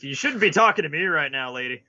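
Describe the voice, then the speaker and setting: A man chatting casually on a podcast, tossing in quick reactions and dry jokes. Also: fairly high pitch, expressive, bright, forceful tone, no room sound, highs cut off. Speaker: podcast co-host. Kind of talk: casual chat.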